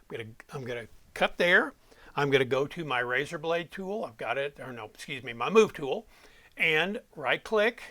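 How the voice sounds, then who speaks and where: A man's voice: fairly high pitch, lively intonation, normal speed, bright, forceful tone. A man explaining audio editing step by step, as an instructor walking students through a tutorial. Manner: plain step-by-step explaining, self-correcting.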